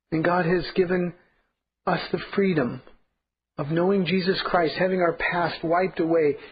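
A man's voice: sits high, muffled recording, a little hiss or hum. A man preaching a sermon as pastor, earnest and emphatic, repeating key points.

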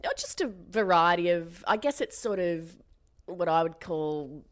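A woman with a slightly low voice. She chats on a home podcast with open curiosity, often pausing and trailing off into ums. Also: expressive. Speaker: podcast co-host. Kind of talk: casual chat. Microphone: corded microphone at home.

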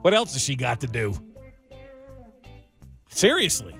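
A man hosting a sports radio talk show, chatting and telling stories in an animated, talkative way into a studio microphone. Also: medium pitch, a little slow, vocal fry, faint music behind.

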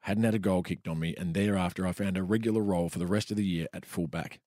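A man's voice: sits low, steady tone, fast talker, darkish tone, no echo, clean studio sound. Wry Australian man reading his memoir. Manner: laughs often while reading, wry. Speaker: podcast co-host reading from his own memoir. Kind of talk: storytelling podcast chat, reading aloud.

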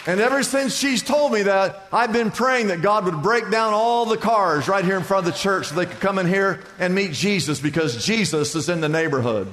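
High-voiced preaching pastor in a hall. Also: male voice. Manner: preaching with rising lists and shouted peaks. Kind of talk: sermon. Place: large church sanctuary. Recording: church hall reverb.

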